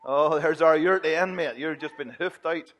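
A chatty man leading a children's talk at church, his voice sitting fairly high for a man. He jokes with the children and slips into whiny kid voices. The delivery stays playful and lively. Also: moderate pace.

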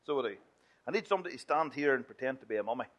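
A man's voice: mid-range voice, animated, very fast, fairly bright tone. A man leading a playful children's talk in church. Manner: playful and chatty, mimicking whiny children.

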